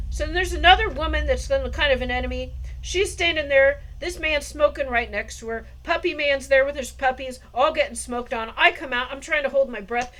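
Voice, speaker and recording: A woman with a noticeably high voice talks straight to camera in a loose, casual monologue. She rambles and circles back, retelling the same moments and laughing as she goes. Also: brisk, bright, forceful tone. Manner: rambling, meandering, laughs often. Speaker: vlogger.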